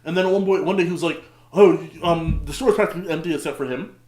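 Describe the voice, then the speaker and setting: A young man co-hosts a casual podcast and speaks fast in a high voice. He tells stories with constant swearing and bursts into loud, heated quotes. The room is echoey. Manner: animated, swears a lot, acts out heated quotes loudly. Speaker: podcast co-host. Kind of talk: casual storytelling chat.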